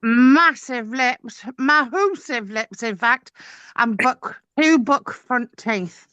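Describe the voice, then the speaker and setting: A woman's voice: on the high side, takes it slowly, sharp tone, smooth, dry recording, muffled recording. A woman co-hosting a casual late-night radio chat show in a studio, giggly, teasing and chatty.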